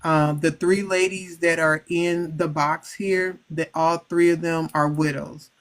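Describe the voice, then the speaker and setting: A woman hosting a live chat, gently reading out viewers' comments and welcoming them. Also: low-pitched, steady tone, unhurried. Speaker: live-stream host.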